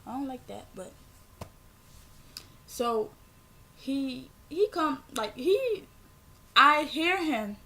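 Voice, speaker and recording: A young woman, telling a rambling, animated storytime vlog with lots of filler words. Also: high voice, drawn-out words, long pauses. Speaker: vlogger.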